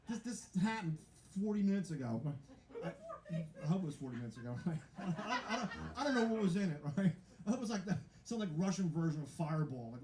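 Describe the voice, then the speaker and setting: High-voiced man doing rambling stand-up. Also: lively intonation, brisk, warm tone, slight background noise. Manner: rambling, self-mocking, laughs at own jokes. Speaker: stand-up comedian. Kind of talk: stand-up comedy set. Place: live comedy venue with audience. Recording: roomy live venue sound.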